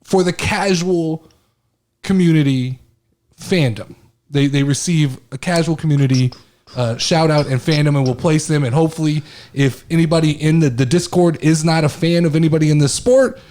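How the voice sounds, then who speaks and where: A man co-hosting a casual sports podcast, telling stories in an excitable way and swearing now and then. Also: fairly high pitch, normal speed. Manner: excitable, animated storytelling with swearing. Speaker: podcast co-host.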